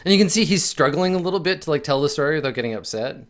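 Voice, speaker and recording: A man narrating as game master in a tabletop game, with many pauses and fillers. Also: a little high, expressive. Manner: hesitant, full of fillers, lightly amused.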